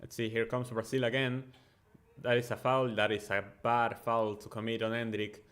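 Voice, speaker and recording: A man hosting a football watchalong, giving excitable, chatty live commentary with frequent ums and uhs. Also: medium pitch, normal speed, smooth. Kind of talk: casual live match commentary and chat.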